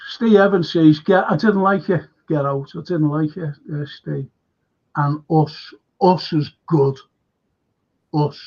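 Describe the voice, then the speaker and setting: A man hosting a casual film chat stream, excitable and reading out viewer comments. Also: fairly high pitch, slow pace. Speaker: host. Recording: dull lo-fi stream audio.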